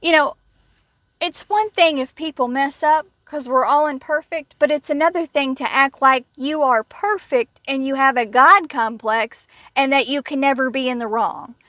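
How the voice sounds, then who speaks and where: A woman with a high voice rants about a coworker in a casual vlog, blunt and sarcastic. Her indignation shows in every phrase. The sound is close and dry, with no room around her. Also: normal speed, bright, forceful tone, no room sound. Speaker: vlogger. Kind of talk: casual storytelling rant.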